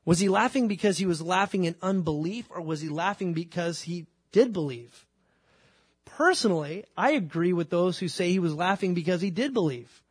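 A man's voice: high voice, expressive, a little fast, breathy edge, no room sound, clean studio sound. A man preaching a sermon, telling stories and acting out biblical dialogue. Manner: storytelling, acts out biblical dialogue. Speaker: pastor.

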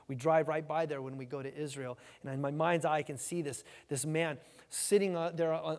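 A male pastor with a fairly high voice preaches in an animated, repetitive way, repeating words and often asking the congregation "amen?" His sermon echoes through a reverberant church hall with a long reverb tail.

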